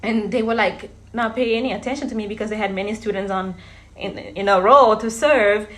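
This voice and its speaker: Woman, 30s, from Verde, casual storytelling vlogger, chatty, middle-pitched voice. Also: fairly quick, a bit bright, a little hiss or hum. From Cape Verde. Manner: chatty, often addresses viewers as guys, laughs while telling stories.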